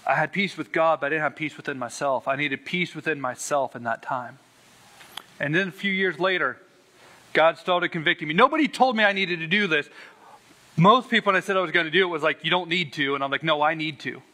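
A man's voice: fairly high pitch, expressive, fairly quick, bright, forceful tone. A man earnestly telling his personal faith testimony, stressing words and repeating them for weight. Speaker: Christian sharing a testimony.

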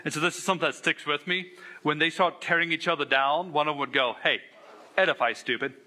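A man's voice: fairly high pitch, fairly even intonation, fast, sharp tone. A man pastor preaching a sermon, telling a candid, self-deprecating story with earnest emphasis. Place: church sanctuary.

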